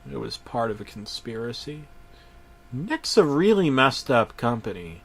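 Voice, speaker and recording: A man narrating a parody horror story in a deadpan voice, breaking into sudden shouted outbursts and swearing. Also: medium pitch, a little slow.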